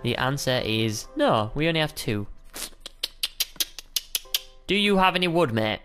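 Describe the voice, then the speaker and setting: A young man co-hosts a casual Minecraft session, bantering playfully and calling his friend mate. His pitch swings about a lot as he talks. Faint music plays underneath. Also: big pitch swings, unhurried, a bit bright. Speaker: gaming co-host. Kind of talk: casual Minecraft let's play chat.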